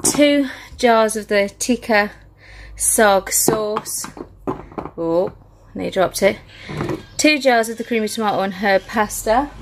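A woman's voice: on the high side, a little hiss or hum. A woman with a British accent chatting casually on her vlog, listing items one by one and a little out of breath. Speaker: family vlogger.

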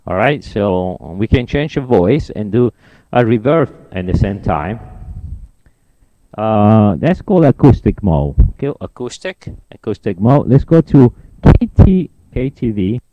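Man, low register, lively pitch, dry mic. Laid-back and halting. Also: dry recording, dull audio. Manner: laid-back, halting, thinks aloud with fillers. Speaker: product review host. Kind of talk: casual hands-on product review.

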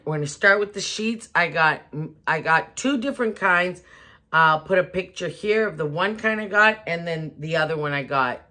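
A middle-aged woman, chatting casually to camera in an animated way, laughing often and restarting her sentences. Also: mid-range voice. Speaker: home decor vlogger. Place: home bedroom.

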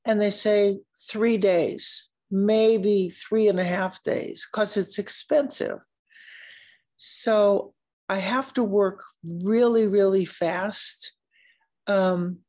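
An older American woman, an artist telling stories at a symposium, speaking in a halting, searching way with frequent restarts and occasional coughs. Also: medium pitch, darkish tone. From United States. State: coughing at times. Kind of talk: unscripted conversation.

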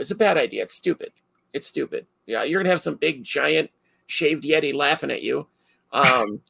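A man hosting a casual chat, telling stories in an animated way and laughing often. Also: fairly high pitch, gravelly, husky, no room sound, rough recording.

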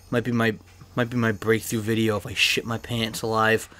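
A young man chatting casually while opening card packs in a video game, excitable and swearing freely, with a cough and an irritated throat. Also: on the low side, measured pace. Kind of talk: casual pack-opening commentary. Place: his bedroom.

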